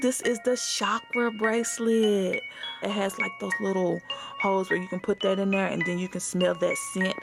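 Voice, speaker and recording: A woman chatting excitedly to viewers while unboxing a gift box, gushing and calling them y'all. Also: mid-range voice, normal speed, vocal fry, over music. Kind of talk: casual unboxing chat.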